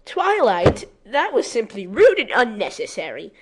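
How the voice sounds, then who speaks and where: A woman's voice: fairly high pitch, wildly swooping pitch, measured pace, noisy background. Rarity, a woman voicing a prim pony lady. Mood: indignant. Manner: prim, indignant. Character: prim refined female pony, easily offended.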